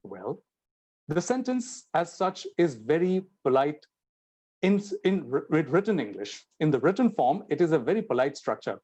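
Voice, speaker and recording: A man's voice: a little high, sing-song, moderate pace, mellow, dull audio. A man giving a spoken English lesson, explaining and acting out example sentences with changing intonation and stress. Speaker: teacher.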